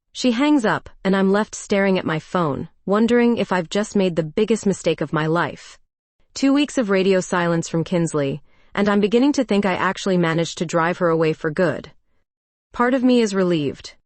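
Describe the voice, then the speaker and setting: A woman narrating a first-person story in a reflective, even way. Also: fairly low pitch, moderate pace, dry recording.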